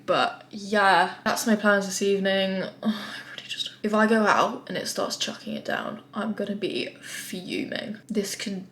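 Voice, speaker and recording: A woman's voice: medium pitch, fairly bright tone, slight background noise. A young woman, talking casually and frankly to camera in a rambling vlog. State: out of breath. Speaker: vlogger. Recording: echoey room.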